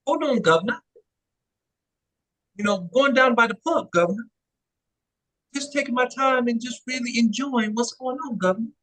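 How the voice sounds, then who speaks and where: Brief: a man doing a bright, hammy fake British pub guy with a shaky accent. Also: very high voice, normal speed, long pauses, voice pushed up, poor audio. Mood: playful. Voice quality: loose, exaggerated put-on accent. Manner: playful, hamming it up. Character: mock British man chatting about the pub.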